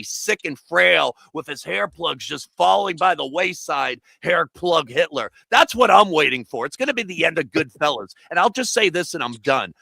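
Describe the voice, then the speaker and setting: A man riffing in a loud, rambling comic rant full of slang. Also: a little high, gravelly, no room sound. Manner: loud, rapid, jokey rants with slang. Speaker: comedian guest.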